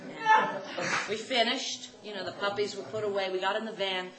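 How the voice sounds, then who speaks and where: A woman comedian telling a story live, wry and animated, acting out the people she quotes. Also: mid-range voice, normal speed. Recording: echoey room, loud background noise.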